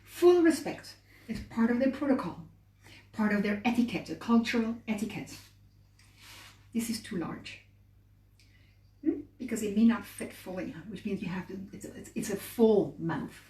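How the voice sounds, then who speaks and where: A woman's voice: mid-range voice, lively intonation, normal speed, pauses often, mellow. A woman hosting a live cooking demonstration. She explains patiently and talks as she works with her hands. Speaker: cooking show host. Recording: roomy, distant mic with faint ambience.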